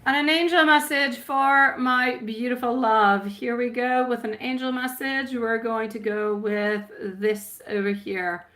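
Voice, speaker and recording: A woman's voice: on the high side, fairly even intonation, unhurried, hardly any pauses, bright, forceful tone. A woman giving a live-stream tarot reading, chatty and affectionate, often laughing at herself.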